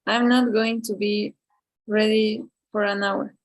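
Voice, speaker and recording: A woman, a student in an online English class, reading a short dialogue slowly. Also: medium pitch, little pitch movement, low-quality recording. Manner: slow, level reading.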